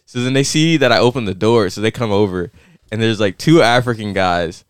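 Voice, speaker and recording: A young man in casual chat, telling a story with lively quoted voices that jump high. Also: a little fast, clear, resonant tone, no echo, studio quality. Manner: animated, acts out quotes with big pitch jumps.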